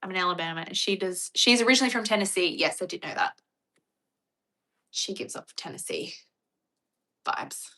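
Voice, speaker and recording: A woman's voice: fairly low pitch, normal speed, pauses often, pushed and bright. A woman, chatting playfully with her stream viewers and laughing often. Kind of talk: casual chat.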